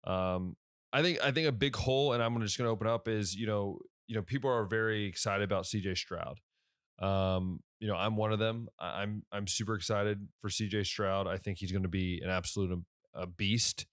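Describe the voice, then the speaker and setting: Young man, tired and yawning, rambling podcast talk, smooth voice, dry close sound. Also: fairly low pitch, steady tone, normal speed, no echo. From Ohio. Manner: rambling, self-correcting, many fillers. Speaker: sports podcast host. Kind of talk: casual solo podcast talk.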